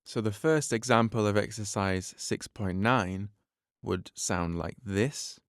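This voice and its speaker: Male drum teacher hosting his own podcast: low, smooth voice, dry close sound, patient step-by-step delivery. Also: takes it slowly, no echo. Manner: patient, step-by-step explaining, counts beats aloud.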